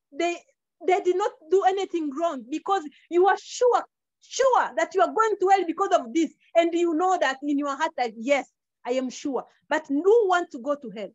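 High-voiced woman preaching her testimony, earnest, repeats a lot, dry dull zoom sound. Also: no room sound. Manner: earnest, repetitive, non-native phrasing. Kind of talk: sermon testimony. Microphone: video call. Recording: dull lo-fi online call audio.

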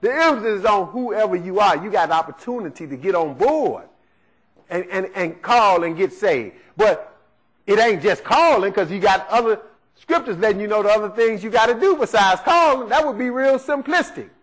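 A man's voice: sits high, lively intonation, normal speed, rough recording. A man preaching a sermon, emphatic and leaning on rhetorical questions to the congregation.

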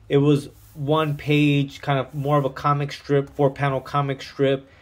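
A man with a middle-of-the-road voice gushing about a punk comic in an easygoing video review. He talks in street slang and swears freely, piling on praise. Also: medium pitch. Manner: enthusiastic, slangy and profane.

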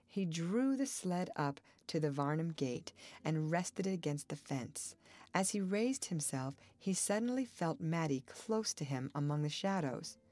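A woman reading a classic novel aloud as an audiobook narrator, in a measured and expressive way. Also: low-pitched. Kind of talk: scripted narration.

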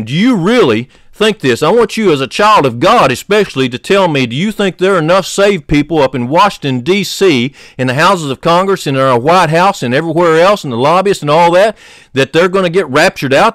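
Fervent male preacher, dry close sound. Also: no room sound. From United States. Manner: fervent preaching, rising loud on key points, dropping low and soft. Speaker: pastor. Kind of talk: sermon.

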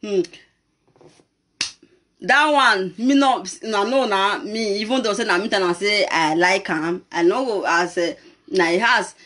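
Slow-talking Nigerian Pidgin storyteller woman. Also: mid-range voice. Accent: Nigerian Pidgin English. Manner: animated, laughing storyteller who switches between English and Pidgin. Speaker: talk show host. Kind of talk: storytelling to camera.

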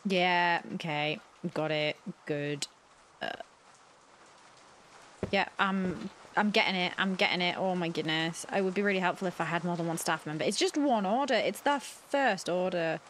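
A woman's voice: fairly low pitch, normal speed, fairly bright tone, a little hiss or hum. A woman hosting a let's play, chatting flustered and apologetic to the game's characters as she plays. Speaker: gaming channel host.

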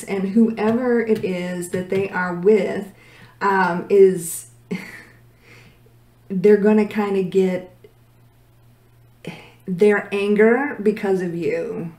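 Hoarse woman tarot reader, lowish voice, blunt and emphatic, roomy echo. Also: a little mellow. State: losing her voice. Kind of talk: casual tarot reading. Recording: echoey room.

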